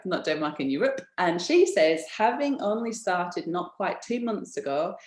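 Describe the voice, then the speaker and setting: Brief: enthusiastic woman webinar host from Australia, lowish voice, roomy echo. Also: a little mellow. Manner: enthusiastic, many ums and restarts. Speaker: business founder presenting an info session. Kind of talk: webinar presentation, casual and chatty.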